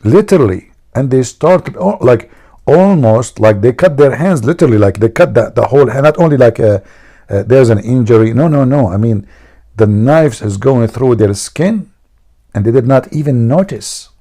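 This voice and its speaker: Gravelly-voiced joking livestream host. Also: male voice, medium pitch, lively intonation, moderate pace, dark tone. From Middle East. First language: Arabic. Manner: joking, mocking storyteller. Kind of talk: casual livestream talk.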